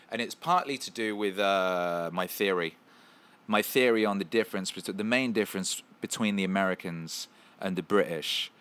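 A man hosting a casual livestream, reading out viewer comments and riffing playfully with lots of repetition and shout-outs. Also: on the low side. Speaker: show host.

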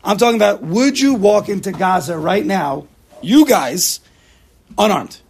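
A man teaching a Torah class to a small group, his voice a little high with a gravelly, husky texture. He poses rhetorical questions and drops Hebrew and Yiddish words into his English. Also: measured pace. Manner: animated, rhetorical, sprinkles Hebrew and Yiddish terms.

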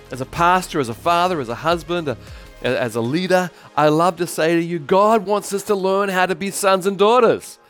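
A man preaching a sermon as pastor, animated, moving between loud calls for praise and quiet storytelling. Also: a little high. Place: church in Tokyo.

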